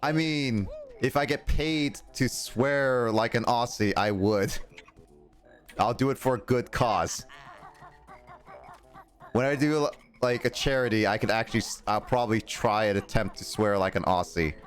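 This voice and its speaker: While streaming a game, a young man chats casually, rambling, reading viewer messages aloud, and laughing a lot. His mid-range voice moves at a measured pace over soft background music.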